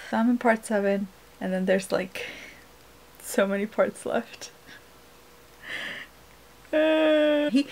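A woman's voice: on the high side, huge pitch swings, takes it slowly, gravelly, long pauses, a little mellow, slight background noise. A young woman talking casually at home as a book vlogger, rambling with lots of "like" fillers. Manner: rambling, filler-heavy "like" talk. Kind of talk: casual vlog chat.

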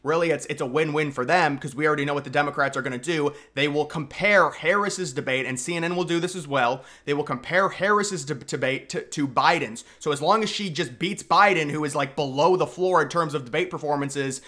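A man's voice: fairly high pitch, a little fast, hardly any pauses, sharp tone. A young man giving opinionated political commentary, emphatic and sarcastic, with frequent restarts.

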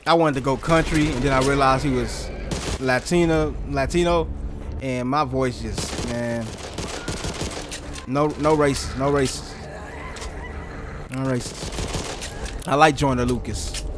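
A man giving funny gameplay commentary, excitable and slangy, reacting to the game with jumpy exclamations. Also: medium pitch, takes it slowly, long pauses. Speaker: gaming commentator. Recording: game gunfire noise behind the voice.

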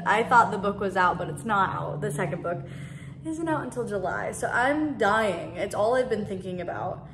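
A woman's voice: medium pitch, slight background noise. Young woman vlogger, mid-range voice, casual rambling chat, echoey apartment room. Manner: chatty, rambling, lots of "like". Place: her apartment. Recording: roomy echo.

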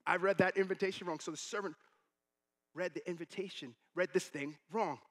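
Preaching a sermon as pastor, a man in his thirties with a high-sitting voice speaks briskly. His storytelling is animated, and he acts out the voices he quotes.

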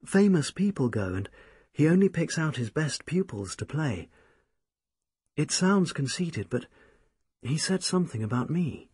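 A man's voice: fairly high pitch, sing-song, a little slow, darkish tone, husky, no echo, studio quality, heavily acted. A man voicing a young woman, an earnest and devoted music student, in an audiobook reading. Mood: wistful. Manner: eager, tender, pleading. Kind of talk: audiobook character voice.

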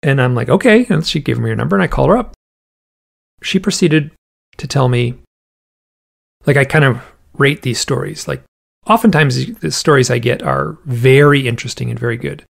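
A man's voice: medium pitch, moderate pace, gravelly, long pauses. A man, an interview guest, telling a story in a casual, rambling way with lots of "like" asides, acting out the voices of the people in it. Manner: acts out the quoted voices in the story.

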